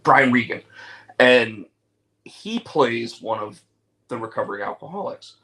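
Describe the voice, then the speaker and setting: Hosting a casual talk show, a man tells stories in an unhurried, expressive way, his mid-range voice fairly bright in tone. He rambles, filling his speech with fillers and frequent restarts, and the recording is rough.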